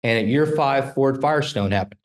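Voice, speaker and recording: A man in his fifties who practices as a trial lawyer tells lively stories in a casual interview, dramatizing the dialogue. He has a medium-pitched voice and a brisk manner of speaking.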